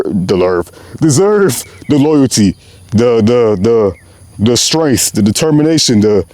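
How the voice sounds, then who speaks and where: A young man speaks from the heart in a loose, slang-filled ramble, calling his listeners "bro" as he goes. His voice is mellow and relaxed, and the sound is close and dry with no room echo. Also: medium pitch. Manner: passionate, rambling, slangy, often says "bro". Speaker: podcast host. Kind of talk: unscripted heartfelt monologue.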